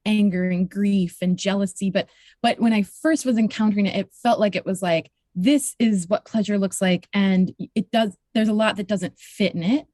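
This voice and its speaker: A woman's voice: mid-range voice, steady tone, normal speed, dark tone, no room sound. A woman coach speaking as a podcast guest in casual chat, reflective and sometimes searching for her words, with occasional swearing. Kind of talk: casual conversational interview.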